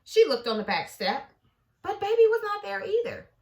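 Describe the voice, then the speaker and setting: Expressive woman reading a children's story. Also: extremely high pitch, normal speed, creaky. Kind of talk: children's read-aloud narration. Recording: echoey room.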